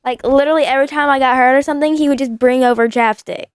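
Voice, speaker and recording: A teenage girl co-hosting a family podcast, chatting quickly and laughing easily. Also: sits high, steady tone. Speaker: podcast co-host, daughter. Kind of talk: casual family chat.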